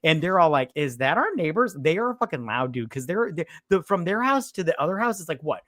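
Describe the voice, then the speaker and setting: A man's voice: on the high side, expressive, a bit bright. Rambling, crude male movie reviewer. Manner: rambling, crude, jokey, acts out characters in quick asides. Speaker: podcast co-host. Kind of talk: casual drunk movie review chat.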